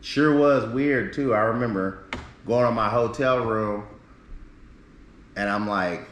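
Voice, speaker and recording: A man's voice: fairly low pitch, slow pace, long pauses, fairly bright tone, slight background noise. A man streaming live, telling a long rambling story in casual talk full of swearing. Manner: rambling, profane, acts out quoted people. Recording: roomy echo.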